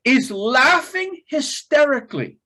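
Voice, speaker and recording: A middle-aged man telling a story with plenty of energy, his pitch leaping around as he talks. He laughs often and jumps into a much higher voice when he quotes people. It comes across as loose, animated conversation as an interview guest. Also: slow.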